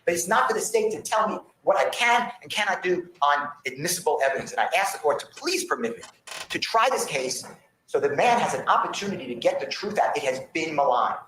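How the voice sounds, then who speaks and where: A man's voice: a little high, sing-song, fairly quick, pushed and bright, echoey room, slight background noise, poor audio. A man arguing as defense attorney before a judge, impassioned and insistent, pleading his point in a courtroom. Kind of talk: courtroom argument.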